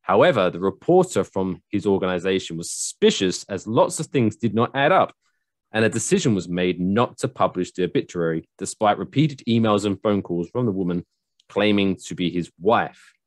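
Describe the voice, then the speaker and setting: A man's voice: deep voice, lively intonation, normal speed, no room sound, studio quality. A man in his thirties co-hosting a podcast, reading out a news story with joking asides. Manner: chatty, jokey, reads news aloud with asides. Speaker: podcast co-host. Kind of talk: casual news chat.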